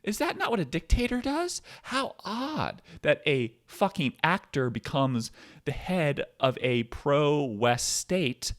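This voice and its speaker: Podcast host, male, sarcastic profane ranter, very lively pitch swings. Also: slow. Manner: profane, sarcastic, swings between low mutter and loud outbursts. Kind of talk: ranting commentary.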